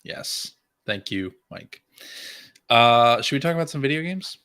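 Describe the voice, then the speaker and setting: A man co-hosting a podcast in casual chat, relaxed and laughing as he talks. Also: mid-range voice, a little slow, clear, resonant tone. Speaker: podcast co-host.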